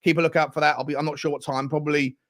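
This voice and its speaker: Excitable English football fan host. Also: male voice, a little high, rapid-fire. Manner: excitable, laughs a lot, shouts out chat names. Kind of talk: casual live-stream chat.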